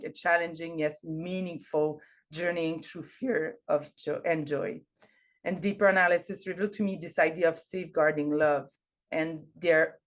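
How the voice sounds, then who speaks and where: A woman speaking English as a second language, giving an academic presentation over a video call, hesitant with many fillers and restarts. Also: low-pitched. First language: not English. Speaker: conference presenter.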